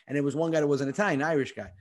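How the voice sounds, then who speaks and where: This young man from the US talks very fast in a voice on the high side. As a podcast guest and comedian, he tells lively comic stories, performs the voices of those he quotes and swears freely.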